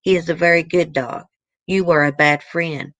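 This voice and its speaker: A woman's voice: low-pitched, fairly even intonation, normal speed, a bit bright, no echo. A woman host reading a letter aloud to her viewers in an earnest, easily moved way, stopping now and then to comment.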